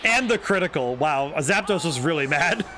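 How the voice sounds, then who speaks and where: A man's voice: fairly high pitch, normal speed, faint music behind. A man commentating his game stream casually, joking and chatting with viewers. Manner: excitable, jokey, chats with viewers.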